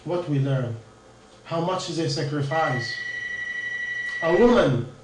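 A man telling a story in a sermon, earnest, with halting non-native English, often putting questions to his listeners. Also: fairly high pitch, expressive, background noise. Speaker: preacher. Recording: echoey room, mic at a distance.

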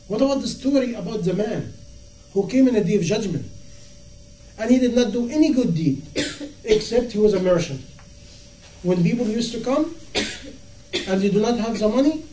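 Impassioned high-voiced preacher in echoey room. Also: male voice, mellow. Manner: impassioned, rhetorical questions, acts out dialogue. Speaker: Islamic preacher. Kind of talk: sermon. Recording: echoey room, from far off, faint noise.

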